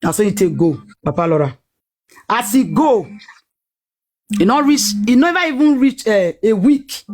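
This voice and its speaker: A woman with a Nigerian Pidgin accent telling a personal story in a lively, dramatic way, acting out what people said. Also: mid-range voice, normal speed, long pauses. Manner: animated, dramatic retelling with acted-out quotes.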